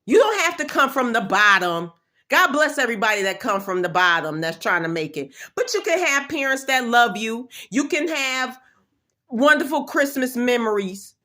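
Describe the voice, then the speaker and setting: A woman's voice: fairly high pitch, sing-song, moderate pace, pushed and bright. A woman vlogger giving an emphatic, repetitive motivational talk in blunt, slangy everyday speech. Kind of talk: motivational pep talk to camera.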